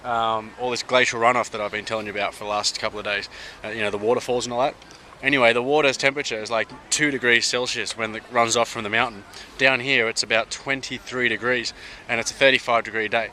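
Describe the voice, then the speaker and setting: A man's voice: mid-range voice, fairly even intonation, fast, pushed and bright, a little hiss or hum. A man from Sydney with an Australian accent, chatting upbeat to camera on a travel vlog, outdoors by a river. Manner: chatty and upbeat, with slangy asides. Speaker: travel vlogger. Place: outdoors by a river on a hot day.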